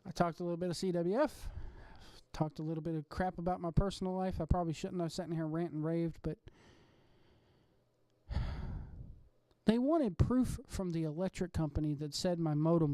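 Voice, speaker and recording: This podcast host rants in a loose, rambling monologue from home late at night, getting excitable and swearing freely along the way. The voice is mellow and dark in tone. It sits close and dry, with no room around it. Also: mid-range voice, moderate pace, pauses often, no room sound. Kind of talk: casual ranting monologue.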